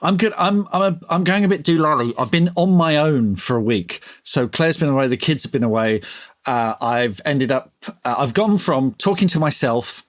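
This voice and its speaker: A man co-hosting a podcast in easy, casual chat. His voice sits a little high and swings widely in pitch. He tells stories in a playful, self-mocking way. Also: animated, normal speed. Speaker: podcast co-host.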